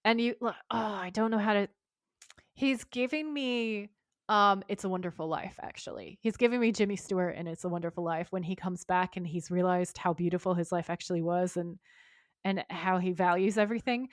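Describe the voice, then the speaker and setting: Animated woman recapping a show. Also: on the low side, a little fast, dry recording, studio quality. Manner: animated storyteller, swears freely. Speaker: podcast co-host. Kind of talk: casual chat recapping a TV episode.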